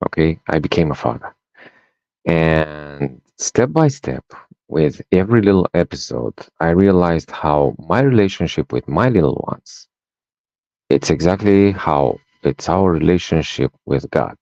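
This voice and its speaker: The voice is deep and gravelly, belonging to a Romanian-born life coach who speaks Romanian natively and is a guest on a podcast interview. He tells personal stories at a measured pace, animatedly acting out conversations and tacking "right?" onto his lines. The recording is dry and dull.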